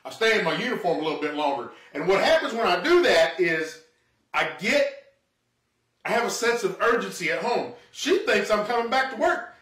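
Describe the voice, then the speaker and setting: A man with a drawl rambles through a comedy bit in a folksy, self-mocking way. His voice sits high and bright, swinging all over the place. It sounds roomy and a little off the mic, as if filmed in a living room. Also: sing-song, moderate pace, recorded from a distance. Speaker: stand-up comedian. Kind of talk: home-filmed comedy monologue.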